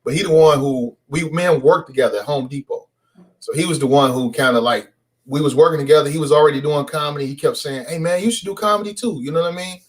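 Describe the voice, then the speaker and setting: A man with a high, light voice tells a story as a podcast guest. He talks in loose slang and keeps the telling animated. He comes across as a comedian spinning a yarn. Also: fast talker.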